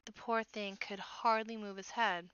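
A woman reading a children's novel aloud in an expressive storybook manner. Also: mid-range voice, unhurried, smooth, no room sound, highs cut off.

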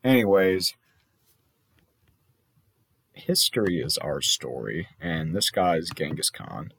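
A man's voice: low-pitched, sing-song, slow, gravelly, fairly bright tone, slightly rough. A young man casually playing a trivia game with a friend, reading questions aloud, swearing and laughing. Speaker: gamer playing a trivia quiz. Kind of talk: casual gaming commentary.

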